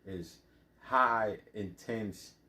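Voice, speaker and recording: Bronx guy w/ new york accent, rambling story, lowish voice, roomy echo. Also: extremely slow, bright, forceful tone. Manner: loose, rambling storytelling with many fillers. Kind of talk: casual monologue.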